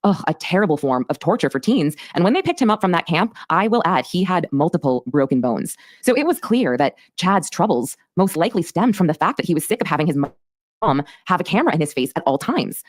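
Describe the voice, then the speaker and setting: A woman hosts a true crime recap podcast, talking quickly and emphatically. Her voice sits low but swings widely in pitch. The sound is dry and close. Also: sing-song, dry recording. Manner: fast, emphatic storytelling. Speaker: podcast host.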